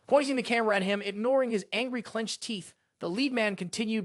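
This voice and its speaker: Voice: mid-range voice, a little fast, hardly any pauses, a bit bright, dry recording, clean studio sound. A narrator telling a drama recap in a scripted storytelling style.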